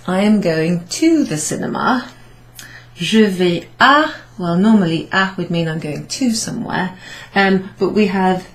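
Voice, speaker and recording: Slow, patient woman teaching French basics. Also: lowish voice, rough recording. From Wales. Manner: patient, step-by-step explaining with many ums and rhetorical questions. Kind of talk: classroom summary lesson.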